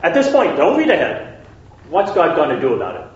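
A man leads a conversational Bible study and keeps checking in with his listeners. His pitch is lively and animated. He is recorded from a distance in a very echoey room, and the sound is dull. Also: brisk. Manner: checks in with listeners, asks questions. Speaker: Bible teacher.

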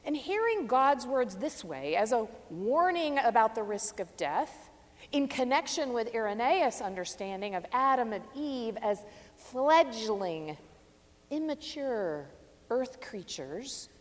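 A woman preaching a reflective sermon, measured and stressing key phrases. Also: sits high. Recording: long reverb of a large hall.

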